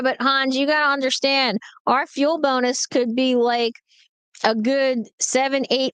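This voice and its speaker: A woman's voice: a little high, clean tone, dry recording. Chatty woman trucker on a livestream. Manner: chatty storyteller, reads and answers viewer comments. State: tired. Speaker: truck driver streaming live. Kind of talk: casual livestream chat.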